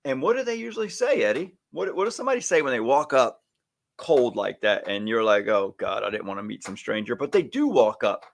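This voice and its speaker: Animated man with a lively voice. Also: mid-range voice, a little fast, vocal fry. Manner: animated, acts out little scenes with voices. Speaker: podcast co-host, stylist educator. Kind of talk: casual chat. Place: home or studio, live stream.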